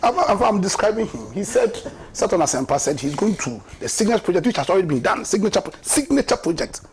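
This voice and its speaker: Very animated and quick, a high-voiced man with a Ghanaian accent mocks political figures with passion on a talk show. He repeats words again and again for emphasis and laughs at his own digs.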